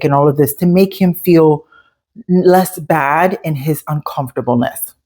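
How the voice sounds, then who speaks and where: Low-voiced woman telling a candid story. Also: normal speed, darkish tone. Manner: candid, emphatic, conversational. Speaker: speaker sharing life lessons. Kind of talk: personal storytelling monologue.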